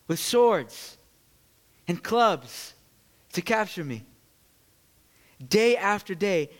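A man preaching a sermon to his church, animated and swinging from loud bursts to hushed moments. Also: sits high. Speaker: pastor.

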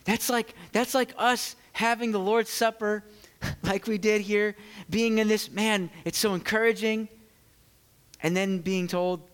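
A man preaching a sermon to his church, animated and swinging from loud bursts to hushed moments. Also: sits high, unhurried. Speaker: pastor.

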